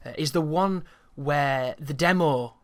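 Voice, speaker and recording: A man's voice: fairly high pitch, unhurried. A man giving casual, rambling, opinionated commentary over a video game, swearing freely as he talks. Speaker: gameplay commentator.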